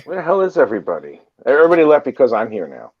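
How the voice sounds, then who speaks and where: A man co-hosting a livestream in casual chat, excitable and laughing, swearing freely. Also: mid-range voice, very fast, narrow, tinny audio, a little hiss or hum. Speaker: livestream co-host.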